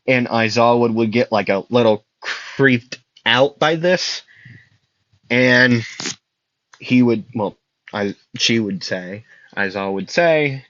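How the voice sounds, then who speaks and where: Casting: a slow-talking man telling a made-up story, halting, dull lo-fi recording. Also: mid-range voice, fairly bright tone, no echo. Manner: halting, many fillers and restarts. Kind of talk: improvised fan story narration.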